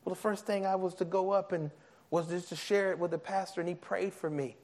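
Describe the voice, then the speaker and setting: A man's voice: high-pitched, steady tone, fairly quick, a little mellow. A man preaching a sermon with a slightly raised voice. He delivers it animatedly, acting out biblical characters and his own inner voice. He stumbles and restarts often as he goes. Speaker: pastor.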